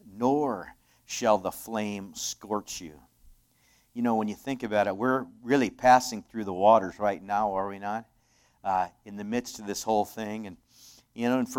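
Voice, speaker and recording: A male pastor delivering an earnest sermon, rising into loud emphatic passages and dropping to soft, quiet asides. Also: fairly low pitch.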